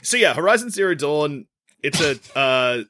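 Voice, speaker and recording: A man's voice: fairly high pitch, animated, moderate pace, sharp tone, no room sound, studio quality. A man co-hosting a casual gaming podcast, rambling and jokey as he describes a game. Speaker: podcast co-host. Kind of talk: casual chat.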